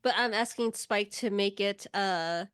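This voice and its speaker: A woman's voice: medium pitch, a little slow, fairly bright tone, smooth, no room sound, clean studio sound. A woman playing a tabletop game, casually describing her character's actions. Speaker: player.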